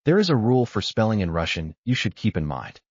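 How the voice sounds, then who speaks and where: A man narrating a scripted language lesson, explaining rules in a measured way. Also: lowish voice, sing-song, darkish tone, dry recording, dull audio. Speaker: language teacher.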